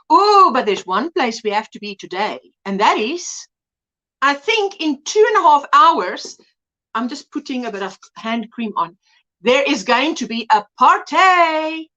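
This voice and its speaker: Chatty woman hosting a live crochet stream, high and crisp, very expressive, playful with her audience. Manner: chatty, teasing, greets viewers by name. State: a little out of breath. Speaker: livestream host. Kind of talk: casual live chat while crocheting.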